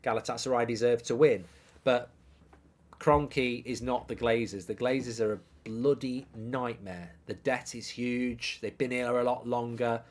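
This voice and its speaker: Brash, opinionated football host. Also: male voice, mid-range voice, steady tone, a little slow. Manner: brash, jokey, opinionated, swears casually. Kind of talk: live-stream football chat, reading viewer comments.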